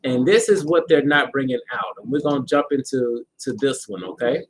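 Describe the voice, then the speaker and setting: A man co-hosting a live-streamed spiritual talk, walking through his points in a relaxed way and checking in with "right?". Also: mid-range voice, moderate pace. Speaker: co-host of a spiritual channel. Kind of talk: live-streamed casual discussion.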